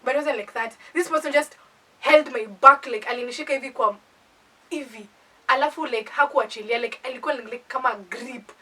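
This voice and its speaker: Young Kenyan woman, animated storyteller, husky and sharp, mic set a bit far. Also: sits high, brisk. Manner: animated, playful, dramatizes with acted asides. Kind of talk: casual storytime chat.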